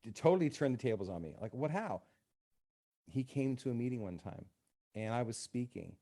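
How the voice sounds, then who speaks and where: A man's voice: medium pitch, lively intonation, fast talker, mellow. A man, a counselor, telling stories in a casual radio talk and acting out the dialogue. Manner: storytelling, acts out quoted dialogue. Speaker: counselor guest. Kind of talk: casual podcast conversation.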